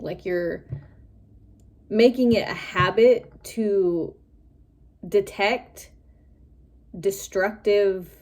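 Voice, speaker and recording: A woman's voice: medium pitch, dark tone. A woman doing a tarot reading for her viewers, chatty and musing, often breaking into giggles. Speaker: tarot reader.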